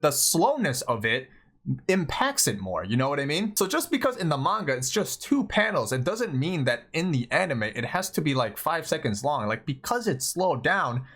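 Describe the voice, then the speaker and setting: A young man from Thailand, a native Thai speaker, giving casual, animated opinions in a vlog, exasperated and chatty with lots of "like" and "bro". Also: a little high, normal speed. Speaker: anime commentary vlogger.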